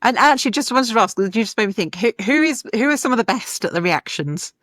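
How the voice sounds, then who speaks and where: A woman hosting an interview podcast, enthusiastic and quick to react in casual chat. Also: fairly high pitch, lively intonation, fairly bright tone, dry recording, studio quality. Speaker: podcast host.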